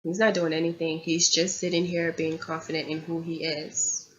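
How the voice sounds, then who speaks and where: Tarot-reader woman, lowish voice, earnest and confiding; dull lo-fi recording. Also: level tone, moderate pace. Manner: earnest, confiding, repeats herself. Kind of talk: tarot reading monologue. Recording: dull lo-fi audio with faint background hiss.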